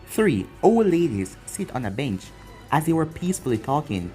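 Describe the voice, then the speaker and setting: A man's voice: a little high, moderate pace, faint music behind. A man casually reading a fan-made story aloud and signing off with channel plugs. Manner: animated, sign-off plugging. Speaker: fan-fiction narrator.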